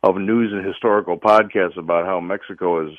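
A man's voice: low-pitched, fairly even intonation, fairly quick, dry recording, narrow, tinny audio. A man speaking as a guest commentator on a talk radio show, emphatic and opinionated, stumbling and restarting often.

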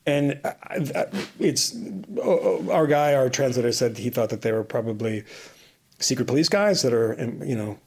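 A tired man on a podcast tells a long travel story over a remote line. His voice has a gravelly edge, and his speech keeps rambling and restarting. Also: mid-range voice, lively intonation, normal speed, a little mellow. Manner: rambling, many restarts and fillers. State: tired, bleary-eyed. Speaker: podcast co-host reporting from abroad. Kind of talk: casual conversational storytelling. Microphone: remote call-in.

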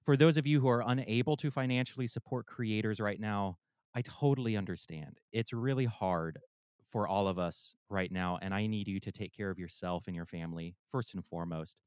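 Talking from a home room on his own podcast, this man reads sponsors and thanks his audience in a candid, chatty, self-mocking way. His voice is fairly low, dark, clear and resonant, moving a little fast, with a clean studio sound and no echo.

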